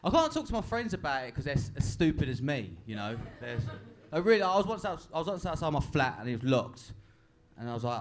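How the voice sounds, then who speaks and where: A man's voice: a little high, very animated, quick pace. A man doing a stand-up set on a live stage, crude and self-mocking, often laughing at his own lines. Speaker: stand-up comedian. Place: live comedy venue with audience. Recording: live stage recording with crowd.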